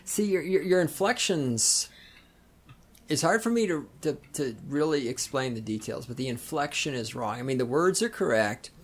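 A man's voice: a little high, expressive, normal speed, breathy edge. A man with a Southern American accent, a guest podcast host chatting casually in a brash, emphatic, joking way. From Southern United States.

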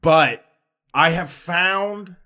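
A man chats casually on a podcast, rambling and restarting his sentences. His voice sits a bit higher than most men's, and he laughs easily. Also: drawn-out words, sharp tone. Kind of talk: casual chat.

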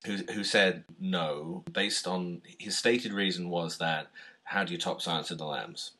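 A British man co-hosting a podcast, chatting casually about a film, animated, laughing often and restarting his sentences. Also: sits low, measured pace. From Britain. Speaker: podcast co-host.

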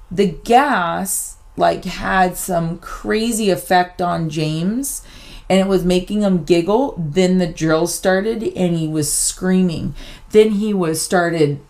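A middle-aged woman co-hosting a podcast, telling a personal story in a casual, animated way and acting out the back-and-forth. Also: on the low side. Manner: animated storyteller, acts out quoted exchanges. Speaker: podcast co-host.

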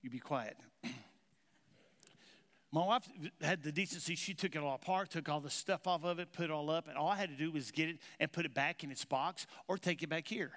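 Folksy pastor in a ringing hall. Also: male voice, a little high, brisk, a bit bright. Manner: folksy storytelling, quizzing the congregation. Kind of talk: sermon. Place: church sanctuary. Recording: reverberant church hall.

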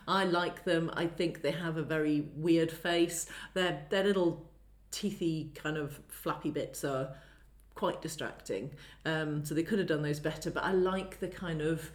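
A woman's voice: deep voice, steady tone, a little slow, hardly any pauses, roomy sound. A woman co-hosting a podcast in casual chat, laughing often and trailing off mid-sentence. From not from the UK, lives abroad. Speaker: podcast co-host.

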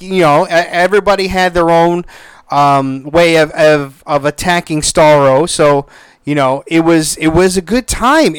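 A man giving a casual spoken movie review, excitable and profane, with lots of restarts. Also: high voice, clear, resonant tone, dry recording.

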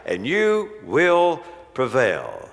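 Bir vaiz, kesin kararlar veren ilahi bir yargıcı canlandıran bir adam. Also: male voice, medium pitch, huge pitch swings, extremely slow, gravelly, long reverb tail, soft background music, heavily acted. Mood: decisive. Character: commanding divine judge, grand and decisive.

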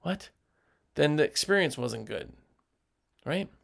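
Man, business owner, coaching peers; gravelly, slightly high voice; direct and emphatic, slips into quick impressions of customers. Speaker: window cleaning business owner giving advice. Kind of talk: motivational business talk.

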